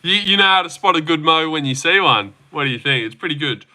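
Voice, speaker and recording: A man's voice: on the high side, lively intonation, quick pace, sharp tone. A young man hosting a casual live stream from his phone, joking, swearing now and then and answering chat comments.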